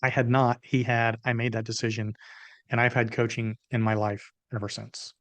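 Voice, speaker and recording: A man in his fifties, a business consultant telling a personal story as a podcast guest, lively and dramatic, acting out the voices of others. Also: mid-range voice, normal speed, no echo. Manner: animated storyteller, acts out dialogue. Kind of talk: storytelling interview answer. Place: podcast recording.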